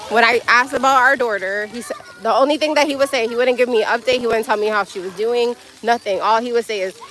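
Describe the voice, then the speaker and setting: A woman's voice: fairly high pitch, a bit bright, a little hiss or hum, rough recording. A woman livestreaming outdoors at a splash pad, telling a frank, emotional story, swearing freely and breaking off to talk to her child. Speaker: livestreamer mother.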